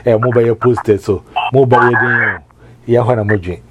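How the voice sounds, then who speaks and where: A man's voice: medium pitch, moderate pace. A man, a minister, preaching informally and rambling as he switches languages mid-sentence. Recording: loud background noise.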